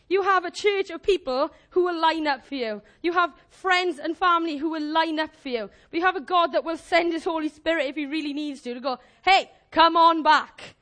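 A woman giving an informal, energetic sermon to her church, joking and demonstrating as she talks. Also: extremely high pitch, fairly quick. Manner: energetic, animated, jokey. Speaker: church speaker.

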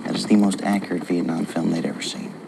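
A man's voice: sits low, flat delivery, fast talker, creaky, background noise. An actor playing a brash young movie-buff man, blunt, swaggering and profane, in a film clip. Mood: earnest. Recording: film clip with loud score.

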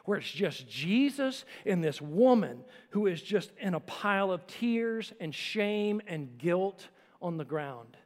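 High-voiced male preacher in a reverberant hall. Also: very animated, slow pace. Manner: emphatic preaching, dropping to hushed tones. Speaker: pastor. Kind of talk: sermon.

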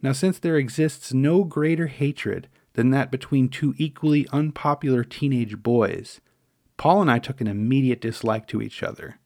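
A middle-aged man narrating a memoir story in a wry, measured, dryly humorous way. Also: medium pitch, mellow, no echo, clean studio sound.

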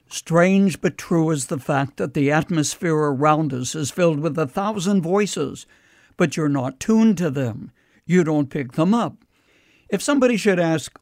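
A man delivering a scripted radio devotional in a measured, earnest storytelling manner. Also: fairly high pitch, a little mellow, no echo, clean studio sound.

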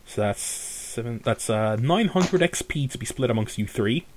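A man's voice: medium pitch, animated, moderate pace, slight background noise. A man narrating as game master, rambling with lots of fillers and laughter.

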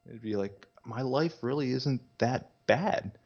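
A man's voice: mid-range voice, lively intonation, measured pace, a little mellow, breathy edge. A young man in recovery telling his story in a candid, rambling way, full of "you know" and casual swearing. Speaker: guest in recovery. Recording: muffled lo-fi audio.

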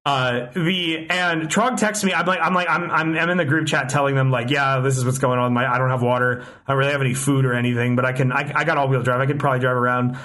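A man's voice: mid-range voice, steady tone, fast, hardly any pauses, bright, forceful tone. A young man telling a long story in casual chat, rambling with many restarts and frequent swearing.

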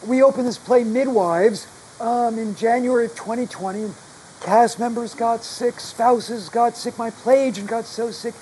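This guest author's voice is very high and somewhat dark, and it bears damage from long covid. He spins casual stories in live conversation, chatty and self-deprecating. Faint hiss or hum runs under a low-quality recording.

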